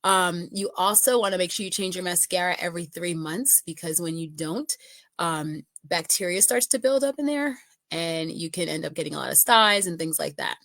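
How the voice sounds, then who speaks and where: A woman's voice: lowish voice, animated, moderate pace, fairly bright tone, no echo. Chatty middle-aged woman teaching makeup. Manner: chatty, friendly, checks in with viewers. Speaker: makeup consultant. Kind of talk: casual makeup tutorial.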